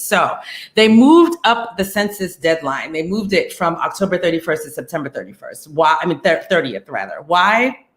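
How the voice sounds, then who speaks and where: A woman hosting a casual online talk show, chatty and lively, with many fillers and laughs. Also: deep voice, echoey room. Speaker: host.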